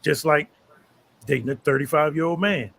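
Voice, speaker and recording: A man's voice: fairly high pitch, normal speed, vocal fry, a bit bright. A man co-hosting a podcast in casual chat, blunt and profane. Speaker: podcast co-host.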